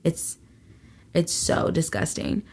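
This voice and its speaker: A woman comedian guest in a casual interview, telling stories in an animated, profane way and acting out quotes. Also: slow.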